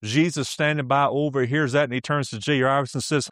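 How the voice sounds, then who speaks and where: A man's voice: medium pitch, fairly even intonation, fairly quick, fairly bright tone, no echo. Emphatic preacher man, dry close sound. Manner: emphatic, laughs often, repeats phrases. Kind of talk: sermon teaching.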